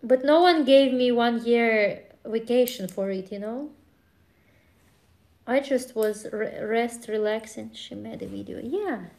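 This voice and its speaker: Slow-talking woman streamer chatting casually. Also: fairly high pitch, a little mellow. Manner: rambling, laughing, with acted outbursts. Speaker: live streamer. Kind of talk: casual chat with viewers.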